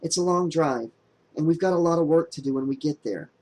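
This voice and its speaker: An earnest, troubled young woman in an audiobook, as a male narrator puts her on, talking in a low, hushed way. Her voice sits a touch above his own. The delivery is grave and quiet. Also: fairly quick, natural voice, poor audio. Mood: soft. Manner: soft and hushed, lightly raised voice. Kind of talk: audiobook character voice.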